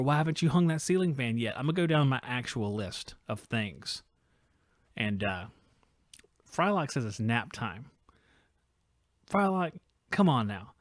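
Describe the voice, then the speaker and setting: A man with a high-ish voice hosts a live call-in trade show from home, in a studio-quality recording with no echo. Animated and joking, he tells stories and acts out quotes and noises in casual live-stream chat.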